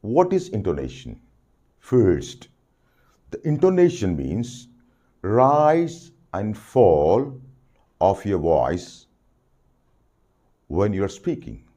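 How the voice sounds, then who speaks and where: A man giving a soft skills lesson, deliberate and repeating phrases for emphasis. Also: deep voice. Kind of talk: spoken lesson to camera.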